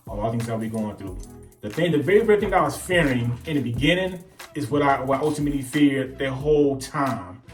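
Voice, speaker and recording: Halting man, distant and echoey. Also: mid-range voice, faint music behind. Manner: halting, repeats words, earnest. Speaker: co-host, husband. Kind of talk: casual storytelling chat. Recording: echoey room, distant from mic.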